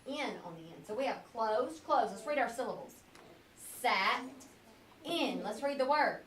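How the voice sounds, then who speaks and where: A woman's voice: a little high, lively intonation, fairly quick. A woman teacher leading a phonics lesson, asking patient questions and stretching out words as she models them. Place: classroom. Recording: echoey classroom from a distance with faint hiss.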